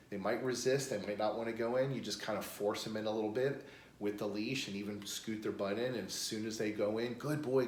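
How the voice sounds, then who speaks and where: An American man working as a dog trainer, plainly explaining crate training step by step and breaking into upbeat praise. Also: on the low side. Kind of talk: instructional demonstration. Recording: echoey room with faint noise.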